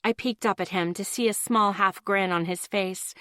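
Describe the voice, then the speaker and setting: A woman's voice: mid-range voice, fairly even intonation, normal speed, a bit bright, no echo, studio quality. A woman reading a first-person audiobook in a casual, lightly wry tone. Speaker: audiobook narrator.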